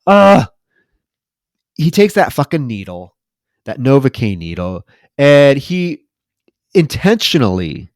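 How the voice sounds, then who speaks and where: A man's voice: mid-range voice, very animated, takes it slowly, long pauses, dry recording, clean studio sound. A man co-hosting a podcast, casually and animatedly retelling a horror film scene by scene with plenty of swearing. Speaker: podcast co-host. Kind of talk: casual film review chat.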